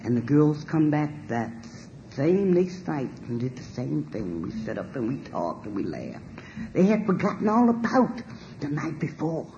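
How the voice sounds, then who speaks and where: A woman giving a spoken personal testimony, animated and emphatic, swearing freely and laughing as she tells it. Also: sits low, normal speed, dull audio, slight background noise. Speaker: storyteller sharing a personal testimony.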